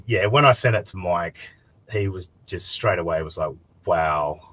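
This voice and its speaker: A man's voice: low voice, normal speed, fairly bright tone. A man co-hosting a podcast in casual chat, setting up clips and making jokes at his own expense. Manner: jokey, self-deprecating. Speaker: podcast co-host.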